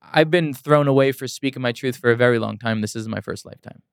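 A man's voice: mid-range voice, fast, vocal fry, clear, resonant tone, no echo, studio quality. Earnest man telling a story. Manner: earnest, emphatic, repeats for emphasis. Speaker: motivational speaker, guest. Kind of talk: casual interview storytelling.

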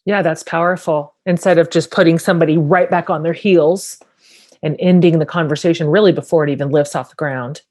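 A woman's voice: sits low, steady tone, fairly quick, darkish tone. A woman hosting an interview, responding to her guest in an affirming way. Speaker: host. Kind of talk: interview conversation.

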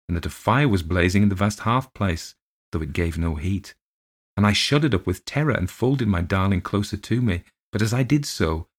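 A man narrating a ghost story as an audiobook reading, in a measured, steady storytelling manner with dramatic swells. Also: sits low.

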